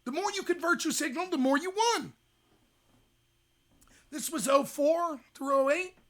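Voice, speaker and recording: A young adult man hosting a livestream, ranting in rapid, emphatic commentary. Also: very high voice, a bit bright. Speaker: host.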